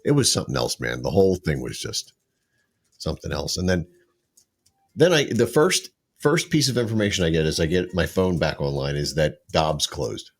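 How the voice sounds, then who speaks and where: A man's voice: rumbling low, big pitch swings, normal speed. A man co-hosting a podcast, telling travel stories in casual chat and laughing often. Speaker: podcast co-host.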